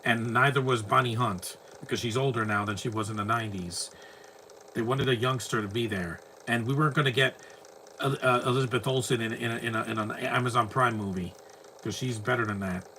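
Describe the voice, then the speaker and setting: A man talking over a film with a bright, forceful voice, rambling from one opinionated aside to the next. His casual commentary turns into rants, with a faint hiss underneath. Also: medium pitch, fairly even intonation, a little fast.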